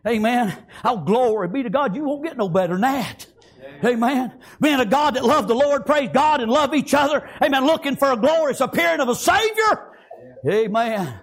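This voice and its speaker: A man's voice: extremely high pitch, animated, moderate pace, vocal fry. An older male pastor preaching a fiery sermon in a folksy country dialect, breaking in with praise and amens.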